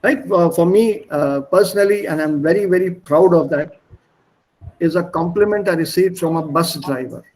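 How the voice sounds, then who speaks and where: The recording is rough, carrying a fairly high, darkish voice at normal speed from a middle-aged man with an Indian accent. He teaches language in an online class over a video call, explaining at length, repeating himself, and spelling out words.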